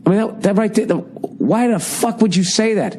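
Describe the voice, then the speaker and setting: A man's voice: high-pitched, moderate pace, darkish tone, slight background noise. A man, ranting sarcastically and profanely in a casual podcast monologue, his voice a little strained and cracking. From United States. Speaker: podcast host.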